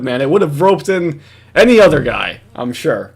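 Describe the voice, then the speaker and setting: A man hosting commentary who rants and swears in exasperation. His voice sits a bit high for a man and swings widely up and down. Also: very animated, moderate pace, gravelly, darkish tone, slightly rough. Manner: ranting, profane, exasperated. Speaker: commentary host. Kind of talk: reaction commentary.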